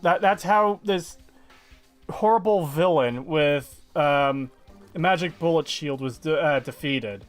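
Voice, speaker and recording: Man, slightly high voice, argumentative, profane, casual stream chat, faint music. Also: takes it slowly.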